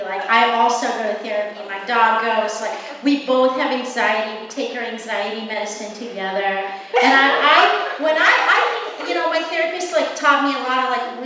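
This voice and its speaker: A woman's voice: on the high side, bright, forceful tone, a little hiss or hum. A young woman doing a stand-up comedy set on stage, rambling and self-deprecating with lots of filler words. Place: stage in a large hall. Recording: echoey hall, from far off.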